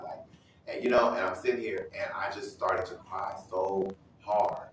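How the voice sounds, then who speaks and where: A man sharing a personal testimony at a Bible study, telling his story in an animated way and acting out other people's voices. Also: sits low, moderate pace, very echoey, recorded from a distance, slight background noise, rough recording. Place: church hall.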